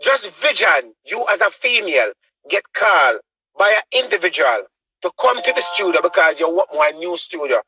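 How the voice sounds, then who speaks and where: Here a Jamaican-accented host rants in a high, sing-song voice at normal speed, bright and forceful with a slightly rough quality. His commentary is preachy, repetitive, and packed with rhetorical questions. The audio is poor.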